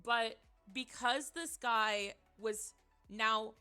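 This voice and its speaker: A young woman streamer telling a story in casual chat, animated and rambling, with many fillers and restarts. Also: on the high side, extremely slow, clean tone, faint music behind.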